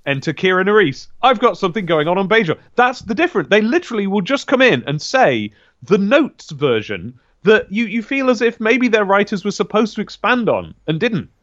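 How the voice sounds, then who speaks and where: A man co-hosting a casual podcast, his fairly high voice rising and falling in lively swings. He rambles, stops to correct himself and laughs often. The sound is dull and dry, like a cheap mic. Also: normal speed, no echo. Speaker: podcast co-host. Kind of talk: casual chat.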